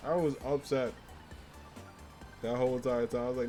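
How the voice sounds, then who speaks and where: A man's voice: medium pitch, fast talker. A man streaming a video game, chatting casually with his viewers, rambling with lots of fillers and frequent laughs while he answers their comments. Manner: reads viewer comments aloud and answers them. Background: faint game music.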